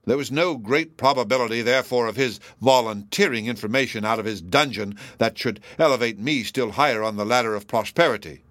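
A man's voice: medium pitch, a bit bright, no room sound, lightly acted. A man doing a pompous old judge. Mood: insistent. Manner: pompous, deliberate and formal. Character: smug, self-assured elderly male judge, pompous and formidable.

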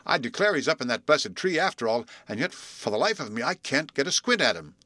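A man voicing an eager, excitable young man in a storybook reading, exclaiming as he talks. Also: mid-range voice, brisk, no echo. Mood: puzzled.

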